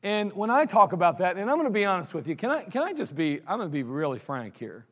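A man's voice: sits high, big pitch swings, fast. A man preaching a sermon as a pastor, blunt and scolding, with mocking asides. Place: church sanctuary. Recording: long hall reverb of a church sanctuary.

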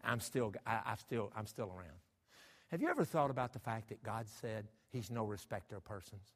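A man's voice: on the low side, big pitch swings, fairly quick, a bit bright, breathy edge. A man preaching a sermon, emphatic and full of rhetorical questions to his congregation. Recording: long hall reverb.

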